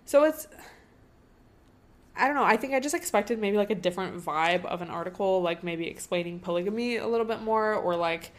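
A woman's voice: mid-range voice, a little fast. A young woman hosting a casual solo podcast, thinking aloud in a rambling way with lots of fillers. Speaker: podcast host.

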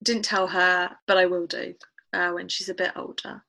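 A woman's voice: fairly low pitch, little pitch movement, normal speed, gravelly, sharp tone, low-quality recording. A woman, candidly retelling a painful personal story in a podcast interview. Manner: candid, emotional retelling with quoted dialogue. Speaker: guest.

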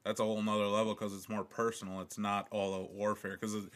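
Man, podcast co-host, bright edgy tone, crude and jokey, casual chat. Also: fairly low pitch, little pitch movement, quick pace. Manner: crude, joking, rambling.

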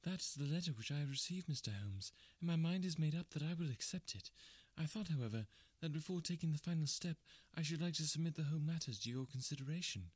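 A man narrating a classic first-person story in a measured, precise audiobook reading. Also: a little high, lively intonation, darkish tone, husky, dry recording.

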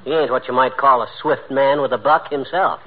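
A man's voice: medium pitch, a little fast, narrow, tinny audio, natural voice. A man playing a boastful, wisecracking husband trading insults in a 1940s radio comedy. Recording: noisy old radio recording.

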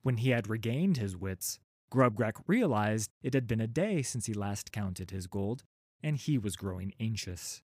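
A man's voice: lowish voice, animated, measured pace, darkish tone, breathy edge, dry recording, studio quality. A man narrating a children's storybook, with wry, playful asides to his listeners.

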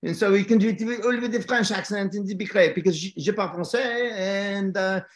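Playful middle-aged actor, high voice. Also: male voice, a little fast. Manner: playful, joking. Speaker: actor, guest. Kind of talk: casual interview chat.

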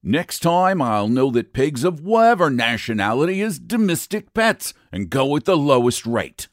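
A man voicing a gruff, stubborn express agent with a put-on Irish brogue, talking in a blustering, emphatic way. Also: very animated, moderate pace, dry recording, clean studio sound, lightly acted. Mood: indignant. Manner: blustering, emphatic, high and loud.

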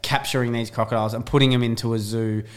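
A young man co-hosting a relaxed podcast, telling stories with lots of energy. His voice sits at a middle pitch, and he slips into the voices of the people he describes. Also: fast talker. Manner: animated storyteller, acts out quotes. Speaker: podcast co-host. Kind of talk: casual chat.

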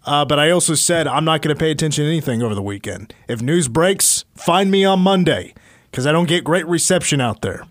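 A man hosting a sports radio show, talking casually in a hoarse voice. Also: on the high side, animated, fairly quick, no echo, clean studio sound. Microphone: studio mic.

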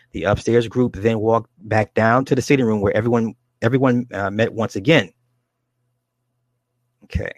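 A man's voice: on the low side, fairly even intonation, no echo. Plain-voiced man reading a book aloud. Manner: halting, restarts and asides to listeners. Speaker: reader and commentator.

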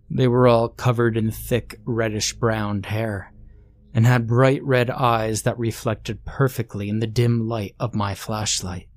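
A man reading a first-person creepypasta horror story aloud in a slow, hushed, somber narration. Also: fairly low pitch.

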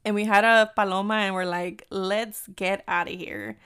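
A young woman rambling to her followers about a bad day out, voice sitting at an ordinary middle pitch. She fills her sentences with "like", curses without a second thought and breaks into laughs as she goes. The feel is loose, candid vlog storytelling. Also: fairly even intonation, moderate pace, fairly bright tone, clean tone. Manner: chatty, heavy use of "like", swears freely; laughs often while telling the story. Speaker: vlogger. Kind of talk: casual storytelling to viewers.

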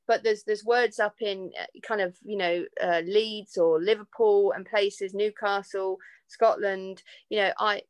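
A woman's voice: medium pitch, fairly even intonation, a little slow, few pauses, smooth, dry recording. A woman with an English accent, a podcast guest chatting casually and laughing often, with frequent restarts. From England. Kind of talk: casual chat.

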